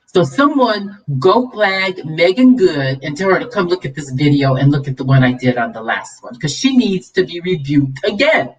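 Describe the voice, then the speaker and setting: A woman's voice: deep voice, animated, normal speed, few pauses, far from the mic, highs cut off. A woman hosting a livestream commentary, preachy and scolding, then chatty and laughing with her viewers. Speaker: vlog host.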